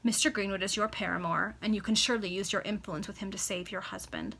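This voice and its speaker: A stern, scheming baronet lays down demands to his wife in slow, emphatic words, as a woman reads him aloud. The voice is bright and crisp, heard over a video call. It is a casual amateur reading of an old novel. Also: mid-range voice, steady tone. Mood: commanding. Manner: authoritative, emphatic. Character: stern scheming male baronet, commanding husband.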